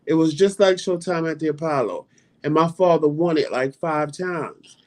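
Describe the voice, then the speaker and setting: A man co-hosting a casual chat and telling a story with animated, dramatic flair and playful asides. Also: on the high side, normal speed. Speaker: co-host.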